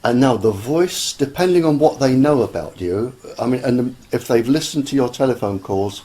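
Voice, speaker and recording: A man, speaking as an interview guest in an earnest, deliberate way with many pauses and fillers. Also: medium pitch, lively intonation, warm tone. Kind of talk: slow conversational explanation.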